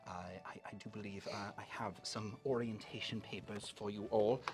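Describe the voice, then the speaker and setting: A man's voice: on the low side, little pitch movement, normal speed, darkish tone, soft background music, close to an everyday voice. A man voicing a nervous, stammering rabbit hotel manager with a posh manner. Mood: flustered.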